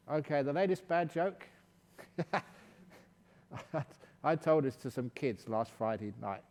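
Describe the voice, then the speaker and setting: A man giving a calm, gentle meditation talk at a retreat, slipping in playful jokes. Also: fairly high pitch, slow, long pauses, in a large hall. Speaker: meditation teacher.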